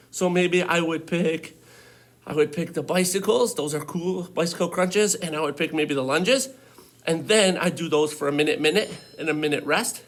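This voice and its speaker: High-voiced gym teacher, a bit winded, talking from across a roomy echoey space. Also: male voice. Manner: upbeat, encouraging, demonstrating exercises while talking. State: a little out of breath. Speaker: physical education teacher. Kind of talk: casual online lesson. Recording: echoey room, mic at a distance.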